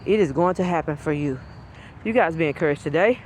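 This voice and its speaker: A woman with a deep, low voice preaching an earnest message of encouragement to camera, repeating phrases for emphasis. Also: a little fast, darkish tone, a little hiss or hum. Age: adult with school-age children. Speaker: self-styled prophetess posting online videos.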